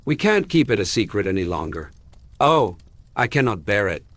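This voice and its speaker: A man's voice: fairly low pitch, very animated, normal speed, fairly bright tone, dry recording. A man reading an audiobook, voicing a fretful middle-aged mother who complains in a plaintive, self-pitying way.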